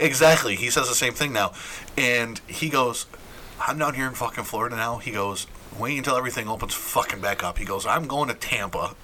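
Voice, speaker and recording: A man's voice: mid-range voice, brisk, pushed and bright, slight background noise, low-quality recording. A man with a New York accent co-hosting a podcast, chatting casually with lots of swearing and laughter. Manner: profane, chatty, laughs a lot. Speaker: podcast co-host.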